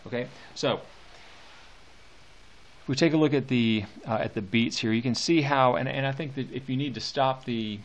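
A man teaching a poetry lesson, talking in a halting way with many fillers and restarts. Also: medium pitch. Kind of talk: poetry lecture.

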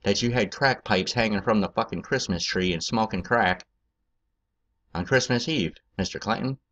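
Deep-voiced man ranting profanely. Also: moderate pace, fairly bright tone. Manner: angry, profane, rambling. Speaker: political video host.

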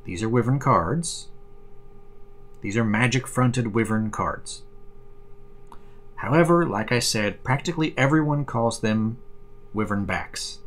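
A man's voice: mid-range voice, a little slow, long pauses. A man hosting a casual explainer video about collectible cards, chatty and rambling with fillers and restarts. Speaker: card collector host.

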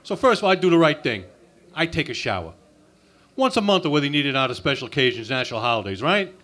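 A man's voice: fairly high pitch, very animated, quick pace, pushed and bright. A man doing a crude, sarcastic insult stand-up routine at an open mic night. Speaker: stand-up comic. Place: comedy club open mic.

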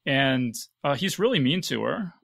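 Gravelly bright-voiced podcast host. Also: male voice, medium pitch, lively intonation, moderate pace, no room sound. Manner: inquisitive, thoughtful, probing questions. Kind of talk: casual discussion.

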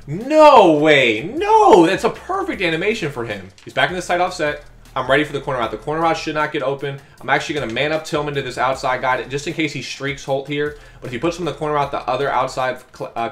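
A man giving live commentary over his own football video game, talking strategy to viewers and yelling at big plays. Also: medium pitch. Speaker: gaming YouTuber.

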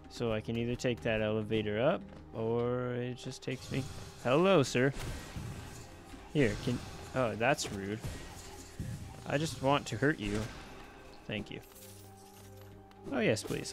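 A man giving casual gameplay commentary into his desk mic, chatty and quick to exclaim, talking back to the enemies on screen. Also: mid-range voice. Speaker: let's play gamer. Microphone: personal desk mic.

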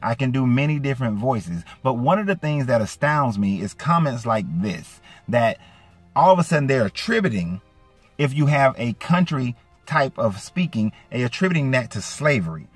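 Animated Georgia man with a light Southern accent. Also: moderate pace. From Atlanta, Georgia. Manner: animated, emphatic, swings from low asides to raised indignant peaks. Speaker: YouTube commentator. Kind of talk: casual commentary. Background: faint background music.

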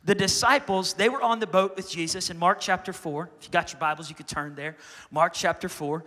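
A young man preaching a lively sermon as pastor, swinging from quiet asides to loud shouts. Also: sits high, fairly quick, long reverb tail. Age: young adult.

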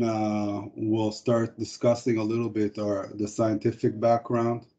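Guy hosting a product webinar, kinda lowish mellow voice, lots of pauses, muffled web call sound. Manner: halting, frequent hesitations. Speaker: webinar presenter. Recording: dull lo-fi webinar audio.

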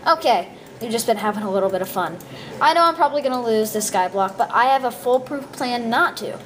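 A high-pitched woman chatting her way through a block-building game, rambling and goofy with lots of ums. A faint hum of noise sits under her voice. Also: lively intonation, fairly quick. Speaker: gameplay video maker. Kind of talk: casual gameplay commentary.

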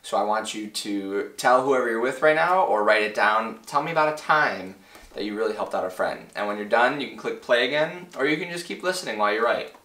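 A man teaching first grade, giving gentle, encouraging instructions to young children during a read-aloud lesson. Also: fairly low pitch, animated, fairly quick. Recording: roomy, from a distance.

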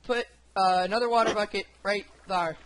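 A man hosting a casual game playthrough with friends, teasing and joking loudly. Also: high-pitched, steady tone, normal speed, a little hiss or hum. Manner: playful, loud teasing outbursts. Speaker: lets-play host. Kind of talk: casual gaming banter.

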